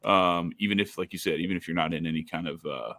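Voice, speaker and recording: Deep-voiced man hosting a casual podcast. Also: quick pace, sharp tone, no room sound. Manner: rambling, many fillers and restarts. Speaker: podcast host.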